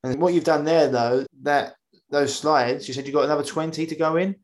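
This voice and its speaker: A man hosting a podcast interview, talking in a rambling, animated way and often acting out the voices of people he quotes. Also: a little high, brisk. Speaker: podcast host. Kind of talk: casual conversational interview.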